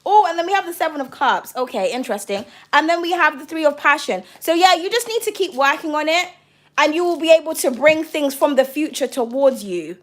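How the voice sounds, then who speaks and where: Woman, tarot reader on a livestream. High, bouncy voice, gushing and excitable, casual swearing. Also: fairly quick. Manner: bubbly and excitable, swears casually, calls viewers darling.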